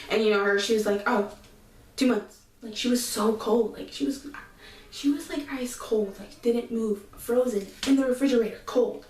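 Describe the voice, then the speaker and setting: A woman's voice: fairly high pitch, reverberant, far from the mic, poor audio. Slangy young woman telling a story. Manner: animated, slangy, full of fillers and asides to viewers. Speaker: vlogger. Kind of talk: casual storytime.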